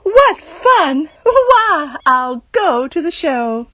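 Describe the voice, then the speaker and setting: A lazy, selfish runaway bird squeals in a piercing high voice, put on by a woman reading a storybook. The recording is dry and a little muffled. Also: big pitch swings, extremely slow, fairly bright tone, no room sound, exaggerated voice. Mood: delighted. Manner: shrill and high-pitched.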